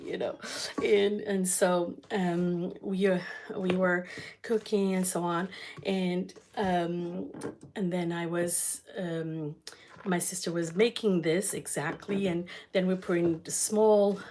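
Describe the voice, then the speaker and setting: A woman hosting a cooking channel, telling a family story in a casual, halting way while she cooks, with many fillers and restarts. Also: on the low side, slight background noise.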